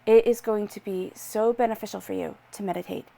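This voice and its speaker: Brief: woman tarot reader, gravelly fry, calm and reassuring delivery. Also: mid-range voice. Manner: soothing, reassuring, drawn-out repetitions. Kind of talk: one-to-one tarot reading.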